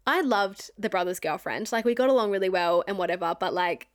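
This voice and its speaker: A woman's voice: medium pitch, a little fast. Young woman, chatty storyteller, lots of filler words and laughs, casual confessional tone. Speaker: storyteller recounting a past relationship.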